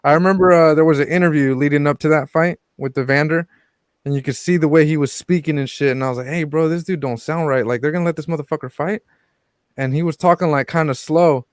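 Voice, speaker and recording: A man's voice: on the high side, quick pace, dry recording, clean studio sound. A man co-hosting a casual boxing talk show, telling stories bluntly and with swearing. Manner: blunt, profane storytelling. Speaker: podcast co-host.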